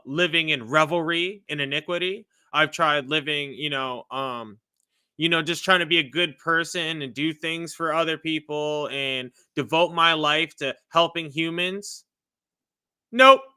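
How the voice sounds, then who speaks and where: A man preaching casually on a livestream, asking God questions aloud and chatting with viewers, with swings from loud declarations to hushed apologies. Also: fairly high pitch, smooth, no room sound, studio quality. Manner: casual, chatty with viewers, uses "dude" and "you know". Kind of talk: casual livestream testimony and prophecy.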